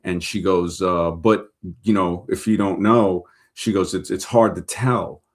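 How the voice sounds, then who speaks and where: Low-voiced New York man telling stories. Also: unhurried. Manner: rambling, animated anecdotes with many fillers. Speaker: show host reading viewer comments. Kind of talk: casual livestream chat and storytelling.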